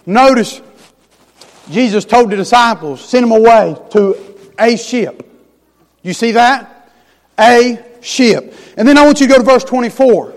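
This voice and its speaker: A man with a high voice preaches a sermon in a church sanctuary, and his words ring out with a long hall reverb. His phrasing is folksy and down-home. He falls to hushed, tender lines, then builds to loud, rising emphasis. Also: a little slow, pauses often. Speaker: pastor.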